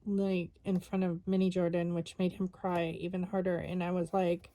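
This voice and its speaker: A woman's voice: lowish voice, flat delivery, moderate pace, warm tone, no room sound. An exhausted woman chatting casually while she crafts, rambling with lots of fillers. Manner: rambling, tired, many fillers. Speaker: scrapbooking vlogger.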